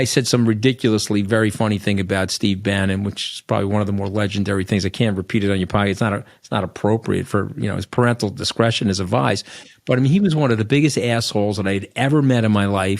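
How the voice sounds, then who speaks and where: A middle-aged man from Long Island, New York, tells stories bluntly and animatedly as a guest in a candid interview, often ending lines with "okay?". His voice is on the low side, steady, fast, and has vocal fry.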